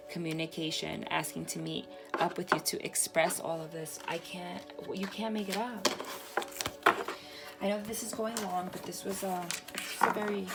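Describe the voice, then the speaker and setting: A woman giving a casual tarot reading to camera, excitable and swearing, breaking into exclamations. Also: lowish voice. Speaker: tarot reader.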